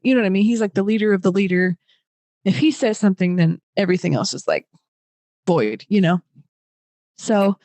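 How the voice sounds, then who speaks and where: A woman's voice: mid-range voice, warm tone, no room sound. A young woman telling a personal story as a podcast guest, casual and emotional, with lots of fillers.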